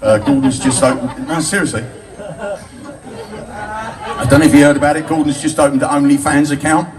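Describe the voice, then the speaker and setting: A man's voice: fairly high pitch, a little fast, a crowd in the background. An older English man telling crude, cheeky stories on stage, laughing at his own jokes. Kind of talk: live stand-up storytelling. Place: bar with a live audience. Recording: distant live audience recording.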